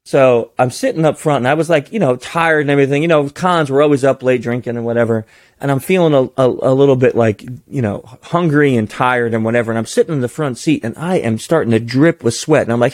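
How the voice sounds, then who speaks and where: A man telling stories as a podcast guest in a casual, animated way, his voice jumping high when he gets excited. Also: a little fast. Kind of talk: casual storytelling.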